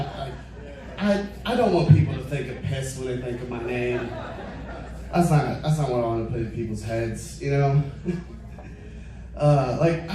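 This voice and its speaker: A young man doing a stand-up set, leaning on "like" in nearly every phrase and chatting with the audience between bits. His voice sits a bit high with a mellow, dark tone. It is caught from a distance in a very echoey club. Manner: chats with the crowd. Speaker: stand-up comedian. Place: comedy club stage.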